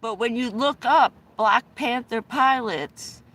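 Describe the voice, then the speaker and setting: A woman's voice: fairly high pitch, takes it slowly, fairly bright tone. Middle-aged woman rambling through old stories. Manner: rambling, restarts often, laughs between anecdotes. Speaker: livestreamer. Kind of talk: casual storytelling on a livestream.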